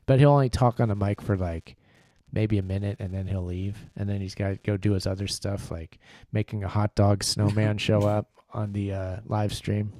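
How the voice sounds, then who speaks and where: A man's voice: on the low side, level tone, normal speed, hardly any pauses, mellow, no echo. Rambling man co-hosting a live podcast. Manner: rambling, self-correcting, upbeat plugs. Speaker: podcast co-host. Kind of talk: casual live-stream podcast chat.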